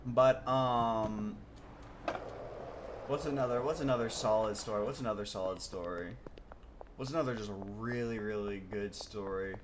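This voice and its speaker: A man's voice: on the low side, normal speed, noisy background. A young man in casual live-stream storytelling, rambling and full of "like" fillers as he tells childhood stories to chat. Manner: rambling, filler-heavy, uses "like" constantly.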